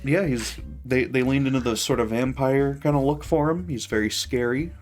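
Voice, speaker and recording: A man's voice: mid-range voice, moderate pace, faint music behind. A man hosting a casual film podcast, talking loosely and laughing often. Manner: relaxed, rambling, laughs often. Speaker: podcast host. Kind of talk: casual chat about a film.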